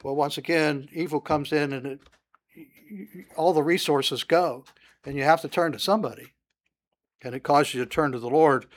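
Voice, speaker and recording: Man, Bible teacher, slightly raised pitch, chatty sermon full of "uh" fillers, leans into the verses. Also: normal speed. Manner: conversational, frequent "uh" fillers, rising emphasis on scripture.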